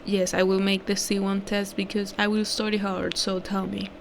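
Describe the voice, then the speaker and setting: A young woman vlogger whose first language is Spanish closes out her vlog in a loose, rambling way, often correcting herself and sometimes dropping to a whisper. Her mid-range voice has a gravelly fry, little pitch movement, and normal speed, with a faint hiss of noise in the background.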